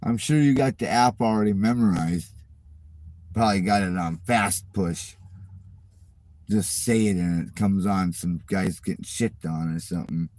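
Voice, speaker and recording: A man's voice: deep voice, moderate pace, a little mellow, no echo. Profane, mocking middle-aged man ranting. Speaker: channel host. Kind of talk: casual rant at viewer comments.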